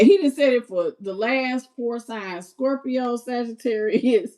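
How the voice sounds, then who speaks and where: A woman reading tarot on a live stream, chatty and expressive, talking straight to her viewers. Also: fairly high pitch, a little slow. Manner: chatty and expressive, talks to viewers as "y'all" and "baby". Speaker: tarot reader.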